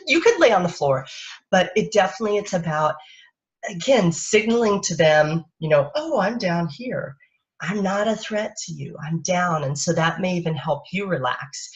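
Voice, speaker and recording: A woman parenting coach giving a live-streamed talk in a soft, unhurried, lulling way, speaking into a webcam or phone. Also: fairly low pitch. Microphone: webcam or phone on a live video stream. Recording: dull lo-fi stream audio.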